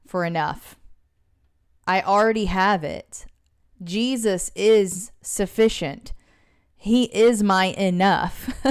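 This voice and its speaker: A woman giving a casual Christian devotional talk to camera, earnest and chatty, drifting into side notes with quick laughs. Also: medium pitch, clear, resonant tone. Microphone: own microphone.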